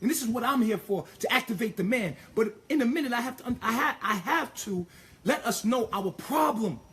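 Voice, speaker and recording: A man's voice: very high voice, expressive, brisk, a bit bright, a little hiss or hum. A man delivering an impassioned, profane monologue, emphatic and ranting, tripping over repeated words as he pushes his point.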